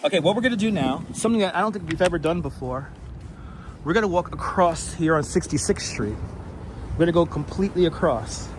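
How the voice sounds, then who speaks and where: Streaming as he walks windy city streets, a chatty man rambles casually to viewers in a slightly high, expressive voice at a somewhat fast pace. His wireless clip-on mic picks up wind and traffic noise.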